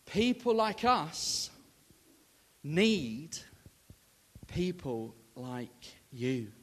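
A man's voice: mid-range voice, animated, slow, long reverb tail, voice pushed down. A man voicing an older waitress who has grandchildren and is moved, retold within his sermon. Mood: earnest.

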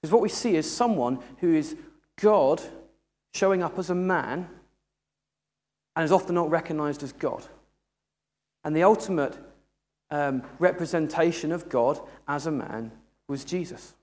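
Preacher, jokey and chatty, fairly high voice, big echoey hall. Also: male voice, normal speed, darkish tone. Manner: humorous, conversational. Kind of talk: sermon.

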